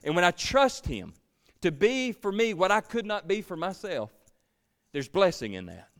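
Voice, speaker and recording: A man's voice: high-pitched, sing-song, normal speed, fairly bright tone. A man preaching a sermon as pastor, earnest, with repeated words and a voice that swells and falls away.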